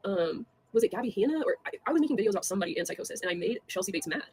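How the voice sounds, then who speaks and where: A young woman on a casual livestream, talking fast with lots of fillers, scornful and laughing between jabs at people. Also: mid-range voice, animated, a little mellow, slight background noise.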